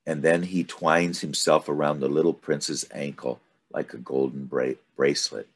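A man leading a study group, reading aloud from a story and commenting on it in an unhurried, thoughtful way. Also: rumbling low, fairly even intonation, breathy edge. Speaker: study group discussion leader.

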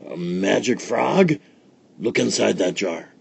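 A man reading a storybook aloud, voicing a cruel, scornful stepmother in a shrill, snapping voice. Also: animated, takes it slowly, vocal fry, husky, full character voice. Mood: muttering. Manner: shrill, snapping, mock-sweet.

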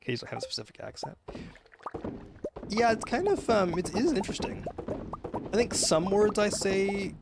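A man's voice: high-pitched, very animated, normal speed, vocal fry, pauses often, noisy background. A man with a Canadian accent streaming a game live, rambling and chatting with viewers through lots of fillers and restarts. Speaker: gaming livestreamer.

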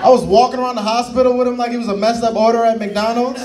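A young adult male stand-up comedian performing a set in a comedy club. He is animated, addresses the crowd directly and chuckles through his punchlines. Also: very high voice, fast talker, hardly any pauses, noisy background. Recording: distant stage mic with crowd laughter.

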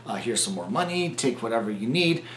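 A man's voice: mid-range voice, lively intonation, brisk, a bit bright, slight background noise, natural voice. A man voicing a scheming ancient king who coaxes and bargains with a prophet, in a storytelling chapel talk. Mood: coaxing. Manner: coaxing, bargaining. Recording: roomy echo with faint ambience.

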